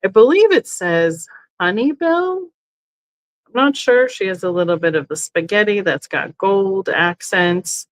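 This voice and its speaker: This live-stream seller talks at a measured pace with lively intonation and a medium pitch. Sitting in a chair indoors, she casually describes each item while thinking out loud and often correcting herself. The recording is low quality.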